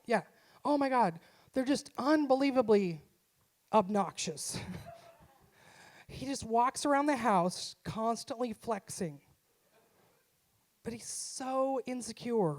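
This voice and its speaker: A woman's voice: on the high side, expressive, slow, pauses often, a little mellow. A middle-aged woman, a mom, performing a punchy, self-deprecating stand-up comedy set live on a theater stage through a stage microphone. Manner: punchy, self-deprecating, acts out her son's voice.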